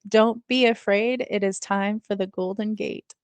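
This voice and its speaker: A woman's voice: medium pitch, steady tone, unhurried, clear, resonant tone, no room sound. Confident woman guest, dry close sound. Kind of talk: casual livestream talk.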